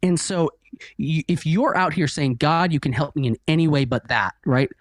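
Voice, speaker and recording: A man's voice: a little high, moderate pace, no echo, studio quality. A man, a podcast guest, chatting casually and acting out a story with voices and sound effects, often checking in with "right?". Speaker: podcast guest, author and speaker. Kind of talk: casual chat.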